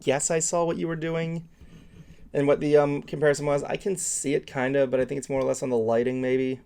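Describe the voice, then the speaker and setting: Gravelly-voiced man, casual podcast chat. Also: fairly high pitch, level tone, brisk, a little mellow. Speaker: podcast co-host.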